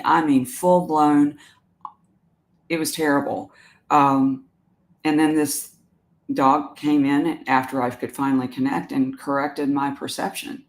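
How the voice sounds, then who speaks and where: A woman hosting a live stream as an animal communicator. She talks gently and emotionally about pet loss and answers viewer comments, often pausing and restarting her sentences. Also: sits low. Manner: warm, emotional, halting with many restarts.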